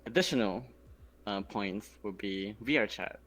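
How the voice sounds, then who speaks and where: A man from Malaysia with a Malaysian accent, a guest in a casual interview, talking hesitantly with many restarts and soft trailing ends. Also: fairly low pitch, measured pace. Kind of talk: casual chat.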